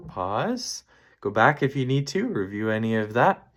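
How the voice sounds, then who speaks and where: A man's voice: mid-range voice, sing-song, unhurried, dull audio. A man leading a choir rehearsal, counting beats and calling out measures and cues for the soprano sections over piano. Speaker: choir director. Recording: loud piano accompaniment behind the voice.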